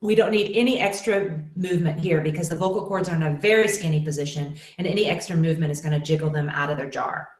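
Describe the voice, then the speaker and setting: A woman's voice: low-pitched, fast talker, hardly any pauses, a little mellow. A woman teaching a singing lesson in a webinar, explaining exercises and demonstrating with short sung syllables. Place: room with echo. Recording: roomy echo.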